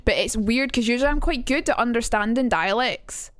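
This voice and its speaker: A woman's voice: fairly high pitch, a little fast, fairly bright tone, dry recording, studio quality. A woman streamer chatting casually and rambling as she reacts to her chat during a live stream, speaking into a streaming mic.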